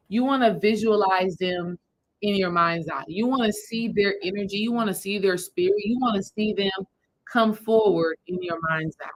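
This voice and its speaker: A woman spiritual healing coach with a medium-pitched voice guides a live audience through a meditation step by step. Her manner is casual and repetitive, and the recording is rough.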